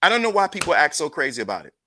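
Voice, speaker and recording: A man's voice: a little high, very animated, rapid-fire, bright, forceful tone, slight background noise. A man hosting a livestream chat, hyped and emphatic, often repeating himself. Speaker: livestream host.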